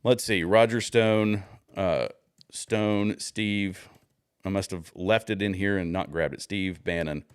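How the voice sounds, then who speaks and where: A man with a lowish voice talks through a casual livestream, rambling and restarting as he hunts for clips. The sound is close and dry, with no room around it. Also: takes it slowly, clear, resonant tone, dry recording. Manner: rambling, thinks aloud with many fillers and restarts. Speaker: livestream political commentator. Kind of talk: casual livestream commentary while browsing posts.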